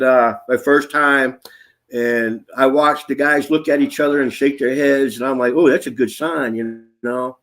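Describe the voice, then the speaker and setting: Fifties male actor guest, animated raconteur, quotes in voices, salty language. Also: on the high side. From Nashville area. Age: 50s. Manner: animated storyteller, acts out quotes, swears freely. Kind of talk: casual storytelling interview.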